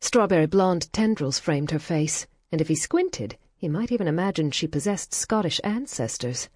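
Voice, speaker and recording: A woman with a low-pitched voice narrates an audiobook from a script, her storytelling measured and even. The studio sound is clean, with no echo.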